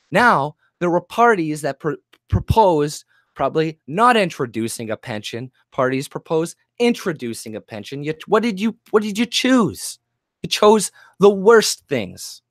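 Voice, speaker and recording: A man's voice: sits high, dry recording, studio quality. A man from Canada ranting angrily about politics on his own channel, swearing constantly and mocking the people he argues with. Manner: heated, profane, swearing constantly; mocks others in put-on voices. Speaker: YouTuber. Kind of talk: angry political rant.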